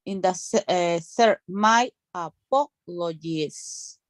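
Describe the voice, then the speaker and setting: Woman student trying english words, slow and unsure, dry close sound. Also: fairly low pitch, no room sound, poor audio. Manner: hesitant, unsure answers. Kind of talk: practicing pronunciation in class.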